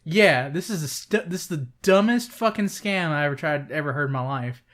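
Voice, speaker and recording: A young man co-hosting a podcast, telling work stories in casual, profane, animated chat. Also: on the high side, brisk. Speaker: podcast co-host.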